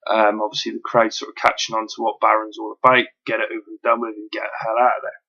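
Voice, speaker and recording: A man's voice: fairly low pitch, completely flat delivery, quick pace, pushed and bright, muffled recording. A man reviewing wrestling in casual, chatty speech, full of ums and the odd swear word.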